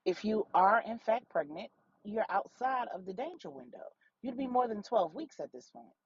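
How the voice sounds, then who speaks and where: A storyteller voicing Doctor Lopez, a calm female therapist who speaks in a measured, reassuring way. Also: medium pitch, husky, highs cut off.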